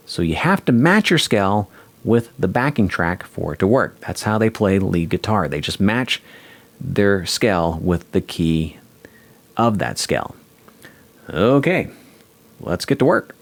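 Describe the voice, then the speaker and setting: Lively-voiced man teaching guitar. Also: lowish voice, no room sound. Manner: calm explaining, counting beats aloud over a track. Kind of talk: instructional lesson.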